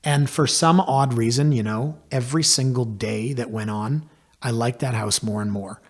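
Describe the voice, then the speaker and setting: A man tells his own story on a podcast. His delivery is casual, wry and self-deprecating, and he gets lively as the story goes. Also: mid-range voice, normal speed. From Canada. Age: 40s. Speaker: podcast host and realtor.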